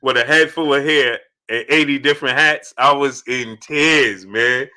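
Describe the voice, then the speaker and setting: A man hosting a boxing talk livestream, giving animated commentary and giving shout-outs to viewers in the chat. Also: mid-range voice, measured pace. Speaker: boxing talk show host. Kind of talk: livestream commentary reading out super chats.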